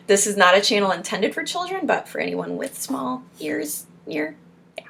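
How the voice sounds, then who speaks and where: A woman's voice: medium pitch, lively intonation, moderate pace, gravelly, fairly bright tone, husky. A young woman leading a casual support-group lesson, drilling syllables and tongue twisters aloud with chuckles between rounds. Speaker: support group speech coach. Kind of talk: casual spoken exercise lesson.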